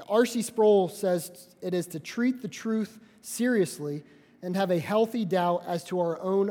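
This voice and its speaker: High-voiced preacher in a reverberant hall. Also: male voice, darkish tone. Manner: conversational, repeats and restarts phrases, acts out quoted voices. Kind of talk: sermon.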